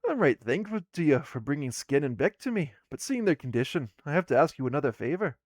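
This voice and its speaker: A man's voice: fairly high pitch, sing-song, fast, no echo, clean studio sound. A man voicing a grumpy young female dwarf merchant, grumbling and impatient, while reading out a tabletop game. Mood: earnest. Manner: grumbling, impatient, put-upon. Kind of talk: reading game character dialogue aloud.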